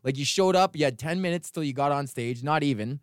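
Podcast host, man from Canada, casual profane storyteller, smooth slightly high voice. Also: a little fast, no room sound, studio quality. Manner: profane, rambling storytelling with laughs. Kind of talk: casual rant.

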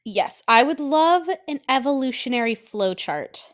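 Woman podcast co-host, playful casual recap chat, high voice. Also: expressive. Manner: playful, jokey, quick asides.

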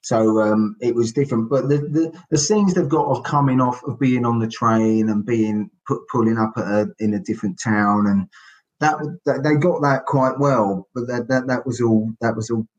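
A man's voice: mid-range voice, normal speed, a little mellow, dull audio. A middle-aged man, a guest on a casual podcast who tells stories chattily and acts out quotes. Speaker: guest author.

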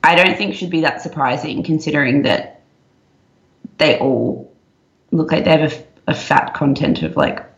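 Chatty young woman, roomy muffled sound. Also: deep voice. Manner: chatty, emphatic, fast bursts. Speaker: podcast co-host. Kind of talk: casual chat.

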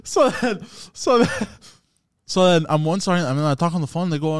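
A man's voice: on the high side, very animated, a little fast. A man co-hosting a podcast, telling a story in casual chat, acting out quotes and laughing often. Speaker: podcast co-host. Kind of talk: casual storytelling among friends.

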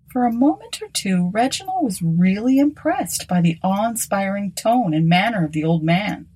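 Breathy woman reading an old tale. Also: medium pitch. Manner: measured, expressive storytelling. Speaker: narrator. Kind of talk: audiobook narration of an old tale.

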